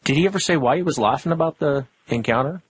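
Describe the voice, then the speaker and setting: A man's voice: fairly high pitch, fast, husky, dry recording. A male host interviewing a caller in a casual, conversational way and asking direct questions.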